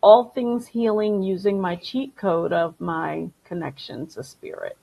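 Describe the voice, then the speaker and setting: Upbeat husky-voiced woman guest. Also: fairly low pitch, measured pace, mellow, rough recording. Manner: upbeat, affirming, repeats phrases. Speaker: guest, spiritual healer. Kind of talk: casual interview chat.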